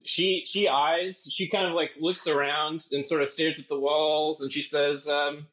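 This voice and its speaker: A man narrating as game master, halting with many ums and uhs. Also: fairly high pitch, little pitch movement, fairly bright tone. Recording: dull lo-fi audio.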